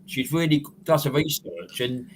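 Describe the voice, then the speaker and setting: A man's voice: on the high side, steady tone, moderate pace, a little hiss or hum. A man hosting a casual livestream chat from home, rambling and repeating himself as he talks. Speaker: livestream host. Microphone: home computer mic.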